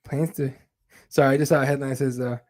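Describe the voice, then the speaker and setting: A man's voice: mid-range voice, flat delivery, rapid-fire, darkish tone. A man hosting a casual live chat show, talking loosely with plenty of fillers and free swearing. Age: adult with kids. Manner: loose and conversational, swears freely, many fillers. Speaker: host.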